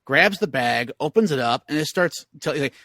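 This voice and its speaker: A man with a bright, forceful voice spins a long, rambling anecdote in relaxed podcast talk, full of little fillers and restarts. The sound is dry and close, with no room around it. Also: fairly high pitch, normal speed, dry recording. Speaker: podcast co-host. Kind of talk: casual chat.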